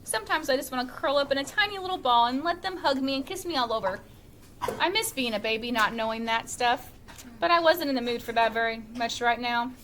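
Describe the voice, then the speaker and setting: High-voiced woman teacher reading aloud. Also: brisk, slight background noise. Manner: steady storytelling, chatty asides to students.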